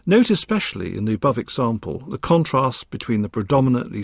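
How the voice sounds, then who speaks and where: A man giving a recorded academic lecture in a measured, precise and scholarly way. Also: medium pitch, creaky, dry recording, studio quality. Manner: measured, precise and scholarly, with a lively rising and falling delivery.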